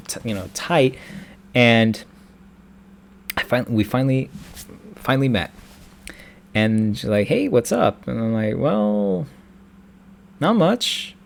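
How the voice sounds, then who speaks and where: A young man telling a personal story in a halting way, with many restarts and fillers. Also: on the low side.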